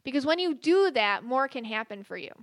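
Chatty woman podcast host, bright voice. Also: high voice, animated, brisk, no room sound. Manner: chatty, many fillers and restarts. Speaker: podcast host and psychic medium. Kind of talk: casual spoken monologue.

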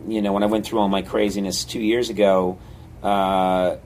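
A man's voice: lowish voice, level tone, normal speed, a little mellow, a little hiss or hum, rough recording. A man telling stories in casual conversation, rambling with many fillers. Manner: rambling, filler-heavy storytelling. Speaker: comedy writer and guest.

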